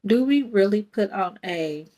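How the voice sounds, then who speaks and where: A woman's voice: medium pitch, animated, measured pace, warm tone. A young adult woman, hosting a casual faith podcast in a rambling, candid way and laughing often. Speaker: podcast host.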